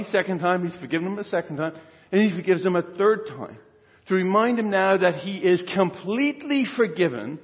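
A man preaching as a priest in a homily to children at their First Communion, lively and conversational, quizzing them with questions. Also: sits high. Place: church. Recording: dull, reverberant church sound.

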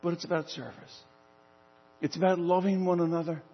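A preacher voicing a soft, gentle teacher. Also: male voice, on the high side, fairly even intonation, a little fast, slightly rough, dull audio. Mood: patient. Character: gentle, patient male teacher correcting followers.

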